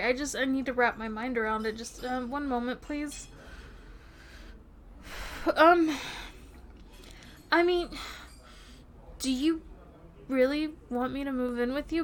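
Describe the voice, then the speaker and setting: A woman's voice: high voice, slow pace, pauses often, fairly bright tone. A woman playing a playful, teasing young girlfriend in a romantic audio role-play, giggling often. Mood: stunned.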